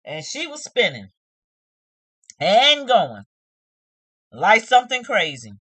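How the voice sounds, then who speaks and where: A woman's voice: mid-range voice, huge pitch swings, slow, fairly bright tone, no room sound. A woman giving a casual, emphatic recap of a reality show, scolding the people in it and acting out what they said. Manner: emphatic, scolding, retells scenes with acted quotes.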